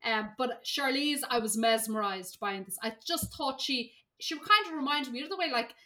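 A woman's voice: high-pitched, moderate pace, bright, forceful tone. A woman co-hosting a casual movie review chat, enthusiastic, often starting with ums and hesitations. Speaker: podcast co-host.

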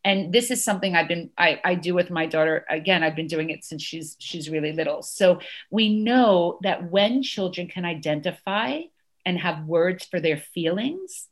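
A woman's voice: on the low side, moderate pace. A woman in her thirties, a parenting educator, explaining in an interview and often checking in with "right?". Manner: earnest, often adds "right?" to points.

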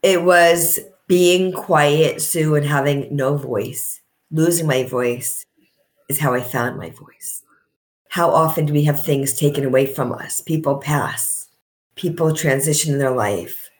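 A middle-aged woman with a low voice speaks as a podcast guest. She talks in a heartfelt, reflective way and slows down to stress her points. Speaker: guest, coach and author. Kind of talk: emotional podcast interview.

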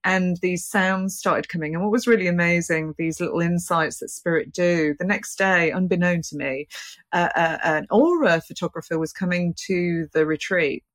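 A woman's voice: normal speed, no room sound. A middle-aged English woman, a psychic medium, telling her story in an interview, laughing often and acting out what people said. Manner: laughs often, acts out quoted voices with big pitch jumps.

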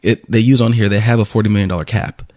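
A man's voice: lowish voice, fairly even intonation, fast talker, a little mellow, dry recording, studio quality. A man co-hosting a radio show, chatting casually with lots of ums and laughs. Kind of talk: casual banter.

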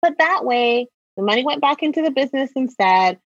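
A woman's voice: high-pitched, expressive, a little fast, dry recording, lo-fi sound. A woman guest on a podcast chatting casually and breezily about her business, laughing easily. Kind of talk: casual chat.

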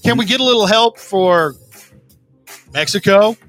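A man's voice: high-pitched, animated, fairly bright tone, faint music behind. A man co-hosting a comedy podcast, throwing in sarcastic quips and laughing along with his partner. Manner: sarcastic, quick interjections, laughs a lot. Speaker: podcast co-host. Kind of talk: casual comedy podcast banter.

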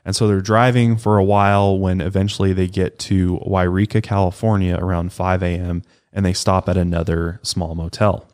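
A man's voice: low-pitched, little pitch movement, moderate pace, hardly any pauses, darkish tone. A man co-hosting a podcast, recounting a true-crime case in a loose, conversational way with casual swearing. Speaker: podcast co-host.

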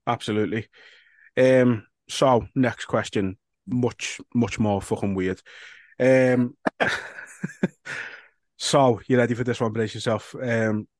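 A man's voice: mid-range voice, fairly even intonation, slow, pauses often, a little mellow, no echo, studio quality. A man, co-hosting a football podcast and reading out listener questions in a laid-back, sweary, wry way. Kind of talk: casual football chat.

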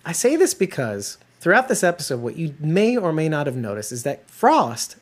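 A man with a Northeastern US accent co-hosting a casual TV recap podcast, animated, laughing often and acting out characters' lines. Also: a little high, moderate pace. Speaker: podcast co-host.

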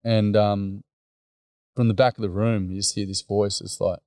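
A man's voice: fairly low pitch, little pitch movement, moderate pace, warm tone, dry recording, studio quality. A man with an Australian accent, a teacher and mentor, telling stories as a podcast guest in a casual, blokey way full of fillers and "mate". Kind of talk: storytelling in a podcast interview.

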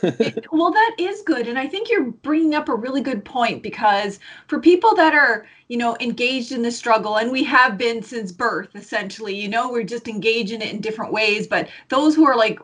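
A woman's voice: a little high, fairly bright tone. A woman interviewer responding in a reflective, affirming way. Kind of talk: conversational interview.

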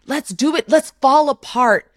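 A woman's voice: sits high, a little slow, dry recording. A woman hosting a heartfelt conversation, talking in an earnest, emotional way with many restarts. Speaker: host. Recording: dry close mic.

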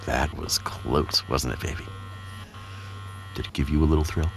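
Very deep, gravelly, teasing male narrator. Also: lively intonation, moderate pace, pauses often, noisy background. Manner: low, teasing, murmuring, often slipping into a whisper. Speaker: narrator of an audio story. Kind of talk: intimate erotic role-play narration.

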